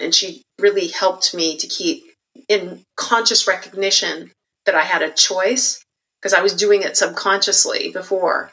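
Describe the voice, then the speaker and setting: A middle-aged woman telling her life story candidly and reflectively, growing animated when she quotes others. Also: lowish voice, unhurried, rough recording. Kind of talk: personal storytelling interview.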